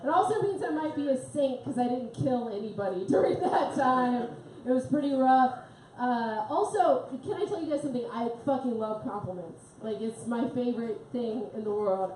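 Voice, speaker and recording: Brash high-voiced woman doing stand-up. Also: darkish tone, slight background noise. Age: 30s. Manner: brash, profane, quick storytelling. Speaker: stand-up comedian. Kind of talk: stand-up set. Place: comedy club stage. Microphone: handheld stage mic. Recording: echoey club room.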